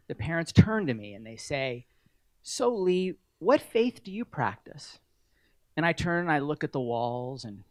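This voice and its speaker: A man's voice: on the high side, no echo. A middle-aged man giving an award acceptance speech at a podium, telling wry, self-deprecating stories.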